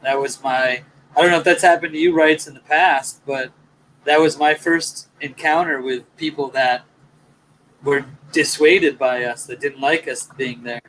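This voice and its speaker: A man's voice: a little high, steady tone, unhurried, fairly bright tone, a little hiss or hum, low-quality recording. A man on a casual livestream chat, telling a story and cutting in to defend himself. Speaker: livestream co-host.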